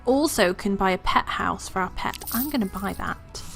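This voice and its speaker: A woman hosting a let's play, chatting casually and excitedly about what she sees in the game. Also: mid-range voice, normal speed, creaky, soft background music. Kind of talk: casual gameplay commentary.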